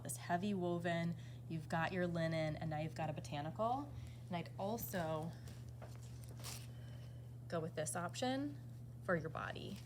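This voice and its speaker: A woman with a somewhat low voice walks through fabric options in an enthusiastic, easygoing way. She sounds like a product presenter. A faint hum of ambience sits behind her. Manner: enthusiastic, relaxed, showing fabric swatches. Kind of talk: product walkthrough.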